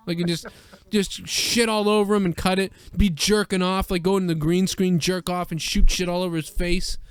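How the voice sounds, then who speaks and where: A young man co-hosting a crude, rambling chat, often breaking into loud put-on voices. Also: high-pitched, little pitch movement, moderate pace, clear, resonant tone, no echo. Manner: rambling, slips into shouted wrestler impressions. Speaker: podcast co-host.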